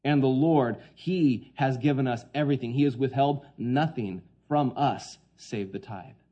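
Husky, dynamic male preacher. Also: medium pitch, measured pace, dull audio. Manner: dynamic, swings between quiet quoted lines and loud emphatic points. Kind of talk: sermon.

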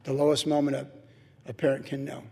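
A man's voice: medium pitch, monotone, brisk, a little mellow. A middle-aged man, a pastor, preaching a sermon in an emphatic, conversational way. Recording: long reverb of a large hall.

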